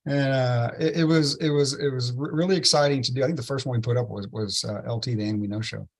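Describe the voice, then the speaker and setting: Man, podcast guest, excited storyteller, husky voice, keeps asking "right?". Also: mid-range voice, quick pace. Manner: excited, keeps adding "right?" tag questions. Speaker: interview guest. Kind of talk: enthusiastic storytelling in a podcast interview.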